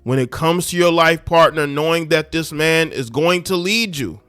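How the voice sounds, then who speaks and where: A man's voice: a little high, normal speed, fairly bright tone, clean tone, no room sound, faint music behind. A man hosting a commentary show, ranting scornfully and preaching straight at his listeners. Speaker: commentary channel host. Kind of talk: ranting social media commentary.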